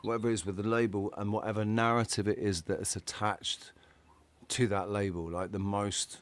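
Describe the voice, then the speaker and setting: A man's voice: on the low side, little pitch movement, normal speed. A man hosting a casual live-stream chat, blunt and swearing, often restarting his words. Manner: blunt, swearing, repeats words while searching. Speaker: host.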